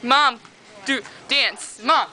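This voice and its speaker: A woman's voice: high-pitched, extremely slow, pushed and bright. A woman filming a home video, chatting and teasing with giggly exclamations, recorded on a handheld camera inside a large store. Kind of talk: casual chat. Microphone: handheld camcorder. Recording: noisy store background.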